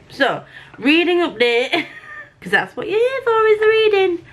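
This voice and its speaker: A woman book vlogger chatting casually through a mail unboxing, gushing and excitable, with casual swearing. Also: on the low side. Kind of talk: casual unboxing and reading vlog.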